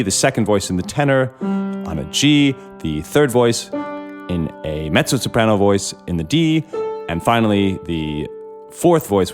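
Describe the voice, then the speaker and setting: A man hosting a music lesson, patiently explaining step by step while he plays a keyboard. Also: lowish voice. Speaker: music educator and host. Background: harpsichord playing.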